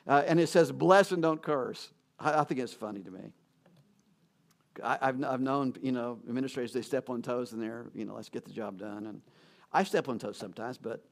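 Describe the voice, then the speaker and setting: A male pastor giving a sermon in a conversational way, joking about himself and often restarting his sentences. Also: fairly high pitch. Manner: conversational preaching with self-deprecating jokes and frequent restarts.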